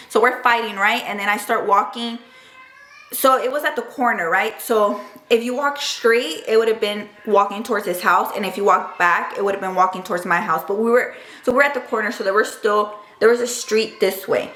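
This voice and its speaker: A young woman tells a personal story straight to camera in a loose, chatty way, peppering every phrase with "like" and "dude". Her voice sits a little high, and her feelings run close to the surface. The room around her rings with a noticeable echo. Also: moderate pace, fairly bright tone. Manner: chatty, full of "like" and "dude", emotional. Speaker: vlogger. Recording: roomy echo.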